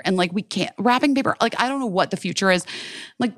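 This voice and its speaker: A medium-pitched woman talks briskly on a dry, clean studio recording. She's a podcast co-host telling a story in easygoing chat, animatedly imitating her friends while swearing freely and filling her speech with "like."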